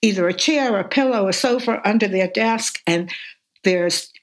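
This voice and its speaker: Older female educator, animated and enthusiastic, storytelling interviewee. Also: mid-range voice, normal speed. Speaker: veteran reading teacher, guest. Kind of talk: conversational interview.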